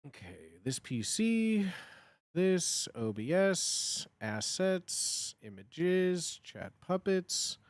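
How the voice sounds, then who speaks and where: Give me a nervous male streamer talking slowly to his chat, muttering to himself. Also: sits high, sing-song, dry recording. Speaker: livestreamer. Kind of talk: casual live-stream chat.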